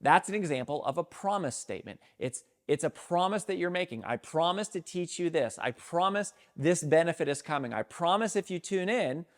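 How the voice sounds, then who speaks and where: A middle-aged man, a speaking coach, giving an energetic, emphatic talk to camera on how to open a speech. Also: a little high, normal speed, few pauses. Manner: energetic, emphatic, acts out sample openings.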